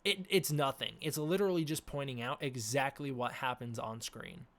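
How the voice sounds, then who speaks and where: A man's voice: medium pitch, normal speed, a bit bright. A man hosting a casual livestream, ranting animatedly with many fillers and restarts, his throat sore and scratchy. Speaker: livestream host.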